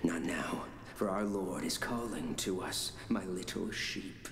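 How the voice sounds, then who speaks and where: A man voicing a fanatical, ink-soaked male cultist in a horror game, in whispered role-play with a hushed, creeping tone. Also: deep voice, measured pace, crowd noise. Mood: menacing. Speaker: game character.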